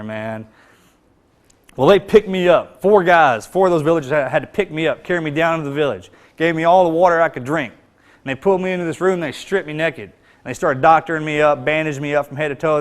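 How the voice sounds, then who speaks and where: Blunt man telling a war story. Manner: blunt, conversational storytelling, often dropping to a low quiet voice. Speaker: military veteran speaker. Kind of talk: personal war story told to an audience.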